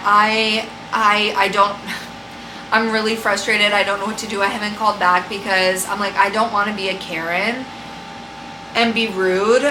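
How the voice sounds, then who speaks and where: A young woman talks through her week in a rambling, frustrated vlog, swearing freely. Her voice is bright and sharp. She records at home in an echoey room with a faint air-conditioner hum behind her. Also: medium pitch, level tone, moderate pace. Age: young adult. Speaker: vlogger. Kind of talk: casual chat.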